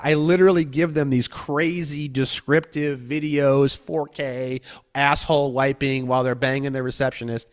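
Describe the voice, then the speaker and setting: Profane, rambling man with a high voice. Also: moderate pace, fairly bright tone. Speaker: guest. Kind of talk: casual podcast chat.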